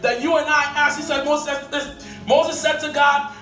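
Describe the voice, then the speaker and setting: A pastor preaching a sermon with animated energy that builds to shouting. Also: male voice, very high-pitched, moderate pace, far from the mic, faint music behind. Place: church sanctuary. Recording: echoey hall recorded from afar.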